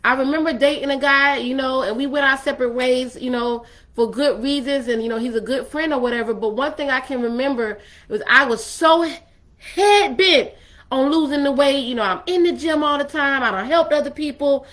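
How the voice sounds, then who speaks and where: A woman's voice: high voice, normal speed, a bit bright. A woman hosting a faith-based talk on love and relationships, speaking in a conversational, emphatic, preacherly way. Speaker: ministry host.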